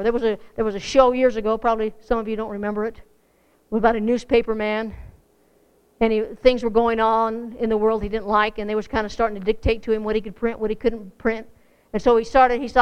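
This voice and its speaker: A woman's voice: on the high side, steady tone, fast, smooth. A woman preaching a folksy, earnest sermon to a congregation, rising to fervent emphasis. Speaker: church speaker.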